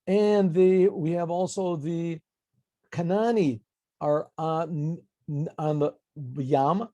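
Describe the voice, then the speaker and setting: A man teaching a Torah class as a rabbi, reading Hebrew phrases, translating and explaining them in a lively lecture with frequent restarts. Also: fairly high pitch, dry recording. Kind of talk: lecture with commentary.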